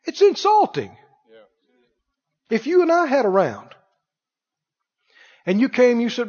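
A male pastor preaches with a strikingly high voice, slipping into voices of doubting people as he makes his points. His sermon rings through a large hall with a long reverb tail. The recording sounds somewhat dull and muffled. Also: big pitch swings, measured pace, pauses often, darkish tone.

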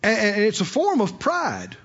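A man preaching with a very high voice that swings widely up and down. He delivers the sermon with emphasis, climbing at times to hollering. The recording is dull and lo-fi. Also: huge pitch swings, measured pace, a bit bright, breathy edge.

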